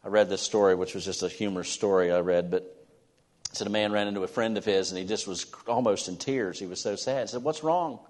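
Male pastor preaching, goes loud and punchy then drops real soft and slow, long echo like a big church hall. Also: low voice, steady tone. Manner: swings from loud emphatic stretches to soft, slow, quiet endings. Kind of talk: sermon. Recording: long reverb of a large hall.

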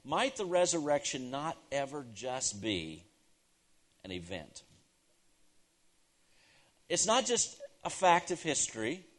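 A man preaching a sermon, swinging from loud, emphatic declarations down to hushed, near-whispered lines and repeating key phrases for effect. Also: fairly high pitch, big pitch swings, takes it slowly, long pauses. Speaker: pastor.

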